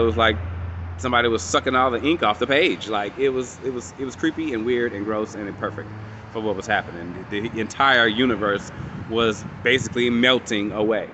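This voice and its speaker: A man with a medium-pitched voice casually recaps and reviews a show episode over background noise. He's animated, telling it like a story, acting out characters' lines, and swearing freely.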